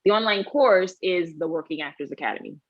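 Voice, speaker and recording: A woman's voice: lowish voice, brisk, no echo, highs cut off. A woman guest, an actor and author, chatting in an interview and acting out quoted voices as she tells stories. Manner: animated storyteller, acts out quoted voices. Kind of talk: casual interview chat.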